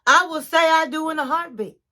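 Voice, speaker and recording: A woman casually recapping a reality show, acting out the people in it and adding gossipy asides. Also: a little fast. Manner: animated retelling, acting out what others said with big pitch jumps.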